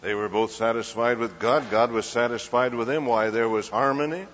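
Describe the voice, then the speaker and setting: With a steady, medium-pitched voice that is a bit bright and moderately paced, a man preaches a folksy sermon of stories, quizzing the crowd and acting out scenes with voices. It comes through a dull, lo-fi hall recording.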